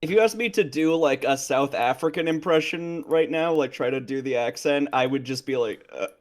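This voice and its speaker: A man's voice: fairly high pitch, moderate pace. Dry, sardonic man co-streamer. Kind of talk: casual live-stream reaction chat.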